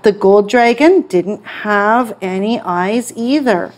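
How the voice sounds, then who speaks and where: Woman storytime teacher reading a picture book; slow, clear, expressive. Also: medium pitch. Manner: expressive, clear read-aloud.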